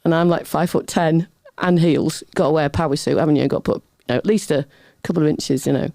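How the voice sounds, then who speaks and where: Warm, chatty middle-aged woman telling stories. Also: low-pitched, fast, no echo. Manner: chatty, animated anecdotes with laughter; self-deprecating humor. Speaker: guest. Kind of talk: casual interview storytelling.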